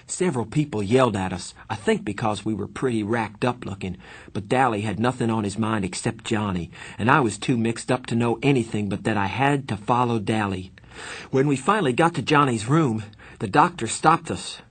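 A man reading a novel aloud in the first person, with measured, earnest storytelling. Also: fairly low pitch, breathy edge. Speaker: audiobook narrator.

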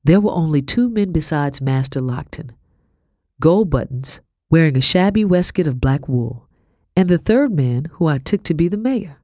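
A woman narrating a historical novel in first person, in a measured storytelling manner. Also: sits low, animated, mellow, dry recording, studio quality. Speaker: audiobook narrator.

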